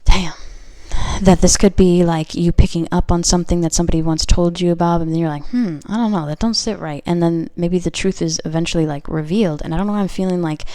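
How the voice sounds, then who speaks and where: A woman's voice: lowish voice, level tone, fast talker, mellow, clean tone. A young woman giving a casual tarot reading to camera, chatty and full of "like" and "okay?". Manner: chatty, heavy use of "like" and "okay?". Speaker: tarot reader.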